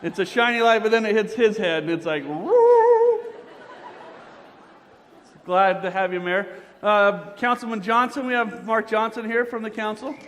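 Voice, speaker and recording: A man emceeing a pageant, joking playfully and quizzing the audience as he warms up the crowd. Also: sits high, steady tone, fairly quick. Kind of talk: crowd warm-up banter. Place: large indoor auditorium. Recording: reverberant hall with crowd noise.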